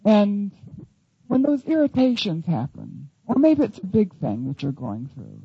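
A woman's voice: mid-range voice, sing-song, unhurried, creaky, slightly rough, muffled recording. A woman teaching the Bible in an earnest, emphatic sermon.

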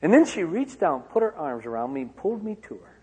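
A man from Michigan giving a personal testimony to an auditorium, swinging from loud outbursts to hushed lines. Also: fairly high pitch, sing-song, fairly quick, husky. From Michigan, USA. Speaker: speaker. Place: large auditorium. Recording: long hall reverb.

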